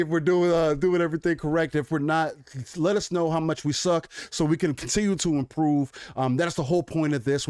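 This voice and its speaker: A man's voice: fairly high pitch, smooth, no room sound, studio quality. Upbeat man hosting a live podcast. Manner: energetic, many fillers and restarts. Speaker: podcast co-host. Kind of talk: casual live-stream chat.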